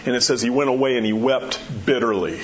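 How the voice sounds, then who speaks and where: A pastor giving a sermon in a conversational way, acting out the quotes and dropping his voice low to drive points home. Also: quick pace. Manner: conversational preaching, acts out quotes, drops low for emphasis. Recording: dull muffled sound with faint background hiss.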